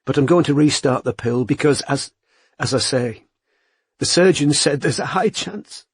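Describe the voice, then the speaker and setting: A man voicing a young woman detective in a hospital bed, quiet and tight-throated. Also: medium pitch, moderate pace, creaky, slightly rough, dry recording. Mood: shaky.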